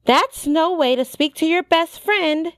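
A woman's voice: sits high, sing-song, slow, dry recording, voice pushed up, full character voice. A woman voicing a vain, pretty teenage girl who talks in a sweet, cooing, coaxing way.

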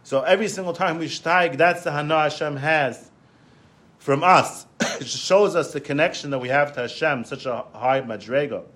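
High-voiced man teaching a Torah class. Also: moderate pace. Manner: animated, repeats words, many fillers and restarts. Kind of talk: Torah lecture with storytelling.

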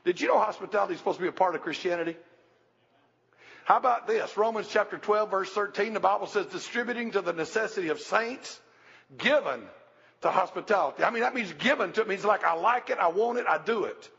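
A man's voice: high-pitched, fast, vocal fry, fairly bright tone, husky. A man preaching a folksy, storytelling sermon as pastor, talking conversationally with restarts and asides, in a dull, echoey hall.

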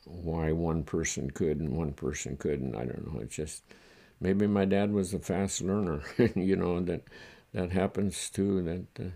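An older man from the United States, reflecting in a halting, chuckling way during an oral history interview. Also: low-pitched, steady tone, vocal fry, warm tone. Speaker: interviewee recalling his childhood.

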